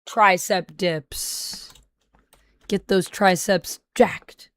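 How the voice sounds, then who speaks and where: A young woman streaming from home, chatting casually with her viewers and thinking out loud into a close mic. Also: lowish voice, fairly even intonation, drawn-out words, a little hiss or hum. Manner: chatty, talks to chat, thinks aloud. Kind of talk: casual livestream chat.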